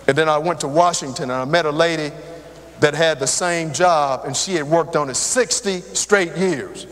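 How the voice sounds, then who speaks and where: Older male preacher, lively storytelling sermon, high pitch, echoing church hall. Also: moderate pace. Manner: lively, conversational, talks straight to the crowd. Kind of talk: sermon with personal stories. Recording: long hall reverb.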